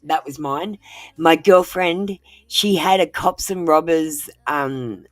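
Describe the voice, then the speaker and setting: A woman talks low and blunt on her livestream, full of "um"s and casual swearing. She sounds a bit under the weather, and soft music plays behind her. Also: takes it slowly. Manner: frank and blunt, swears freely, many fillers. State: unwell. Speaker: tarot reader on a livestream. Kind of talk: casual livestream advice talk.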